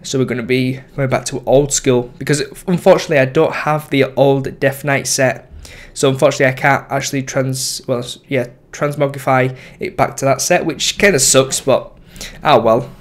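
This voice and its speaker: A man's voice: mid-range voice, steady tone, normal speed, hardly any pauses. A young man giving casual, rambling commentary over his game, full of ums and self-corrections. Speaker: gaming YouTuber.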